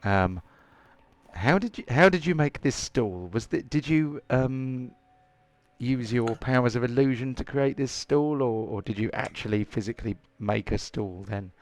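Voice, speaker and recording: A man runs a tabletop game as game master, narrating casually in a chatty, hesitant way with lots of ums. His voice is medium-pitched and a little slow.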